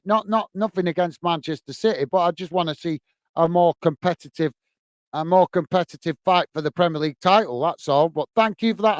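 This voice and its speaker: A man's voice: high-pitched, no room sound. A middle-aged man hosting a football fan live stream, reading out viewers' comments and thanking each one by name, with lots of "mate" and "top man". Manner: friendly, repeats thanks and "mate" often. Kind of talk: casual live-stream chat.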